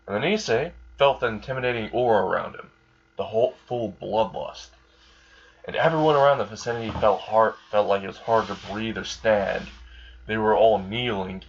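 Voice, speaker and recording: A man's voice: lowish voice, highs cut off. A man casually narrating a fan story, rambling and profane, chuckling at his own jokes.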